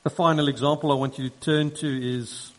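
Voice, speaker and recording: A male preacher delivers a sermon in an earnest, measured way, stacking repeated phrases to drive each point home. His voice sits at an ordinary middle pitch. A long reverb trails his words through the large hall. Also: fairly even intonation. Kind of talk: sermon with scripture reading.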